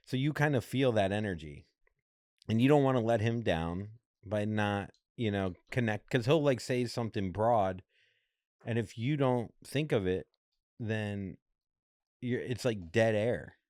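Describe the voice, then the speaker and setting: Low-voiced man telling a jokey story. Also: measured pace, no echo, studio quality. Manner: animated, jokey, acts out quotes in other voices. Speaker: podcast co-host. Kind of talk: casual comedic storytelling.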